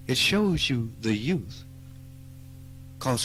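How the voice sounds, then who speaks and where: A Mississippi man with a Southern US accent, a spiritual teacher, gives a spoken dharma talk at a slow, emphatic pace, teasing his audience and breaking into animated outbursts. His voice sits on the low side with a breathy edge. It's an archive talk recording with faint music behind him.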